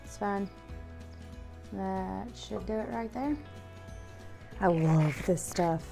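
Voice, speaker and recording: A cooking show host from the American South demonstrates a dish in her home kitchen, chatting homily and checking in with viewers often. She speaks slowly at medium pitch in a creaky, mellow voice, with faint music in the background.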